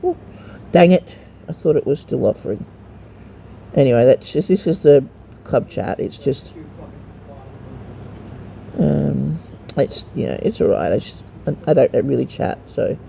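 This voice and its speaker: Male gamer, deep-toned and gravelly, casual hesitant walkthrough with lots of filler and the odd swear. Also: animated, a little slow, long pauses, mellow, slight background noise. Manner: rambling and hesitant, many ums and restarts. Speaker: mobile gamer showing a game to a friend.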